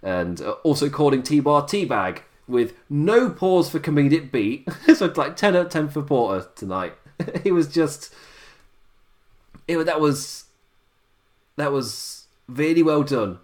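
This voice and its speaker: A man's voice: fairly high pitch, very animated, a little slow, a little mellow. A tired man reviewing wrestling in a rambling, casual livestream chat, laughing often at his own remarks. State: tired late-night voice.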